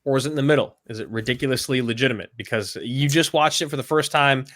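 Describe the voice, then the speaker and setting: A man co-hosting a casual movie podcast who talks in an animated way and sometimes breaks into loud impressions of movie lines. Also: medium pitch, fast. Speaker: podcast co-host.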